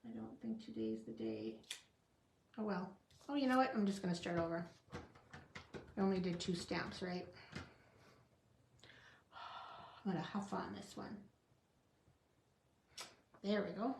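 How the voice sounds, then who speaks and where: A woman's voice: fairly low pitch, expressive, normal speed, vocal fry, long pauses, roomy sound, noisy background. A woman demonstrating card stamping in a chatty tutorial, talking to herself as she works. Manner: chatty, talks to herself while working, small laughs.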